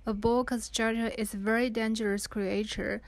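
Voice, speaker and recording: A woman's voice: a little high, flat delivery, moderate pace, no echo, lightly acted. A woman voicing a grave, earnest little boy prince in a storybook reading. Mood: insistent.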